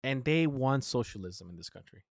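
A man's voice: medium pitch, moderate pace, creaky, dry recording. A man from the United States hosting a podcast, ranting in casual talk, swearing and restarting often. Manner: animated ranting, swears a lot, many restarts. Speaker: podcast host.

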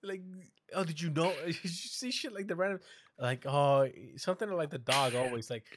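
A man's voice: fairly high pitch, expressive, moderate pace, fairly bright tone, dry recording. A young man in casual podcast chat, telling stories animatedly, swearing and mimicking his mother.

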